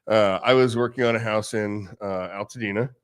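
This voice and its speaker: A man's voice: fairly low pitch, steady tone, moderate pace, clear, resonant tone. Man, podcast host, casual chat, swears constantly, laughs while telling stories. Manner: profane, loud storytelling with frequent laughter.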